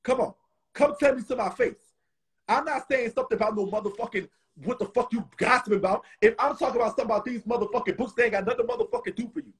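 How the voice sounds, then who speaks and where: A man hosting a casual live stream, a little drunk, talking in a profane, rambling, animated way, with a rough, hoarse voice and a Southern US accent. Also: very high-pitched, very fast. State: tipsy. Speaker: host.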